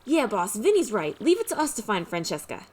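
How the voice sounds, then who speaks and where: A woman's voice: medium pitch, very animated, a little fast, a little mellow. A woman voicing a wisecracking male mob henchman with put-on tough-guy slang. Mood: eager.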